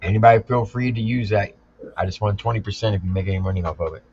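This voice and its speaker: A man's voice: on the low side, fast talker, a little mellow, muffled recording, slight background noise. A man hosting a casual reaction chat, blunt and a little profane, laying out his views patiently with questions. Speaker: reaction channel host.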